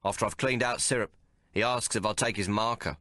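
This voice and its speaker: A man narrating an audiobook in the first person with rough, colloquial frontier dialect. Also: lowish voice, steady tone, brisk, sharp tone, dry recording.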